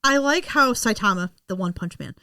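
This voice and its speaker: A woman co-hosting a casual podcast, expressive and quick to laugh. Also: medium pitch. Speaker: podcast co-host. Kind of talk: casual chat.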